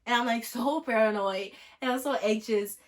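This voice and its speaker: A woman's voice: a little high, moderate pace. A young woman vlogger telling a story in a chatty, sarcastic way, often mimicking the people she quotes. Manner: animated, sarcastic, jumps into mocking quoted voices. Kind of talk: storytime vlog.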